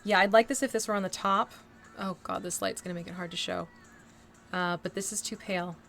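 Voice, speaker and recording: A woman hosting a casual painting livestream, thinking aloud as she works and answering her chat with bursts of excitement. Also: fairly low pitch, fairly quick, vocal fry, soft background music. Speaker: livestream host painting a miniature. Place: home art desk near an air conditioner.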